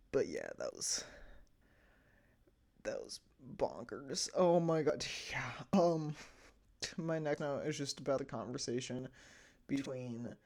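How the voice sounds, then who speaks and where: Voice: medium pitch, a little mellow. Casual episode reviewer; loose, rambling delivery with frequent fillers and swearing. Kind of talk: casual chat.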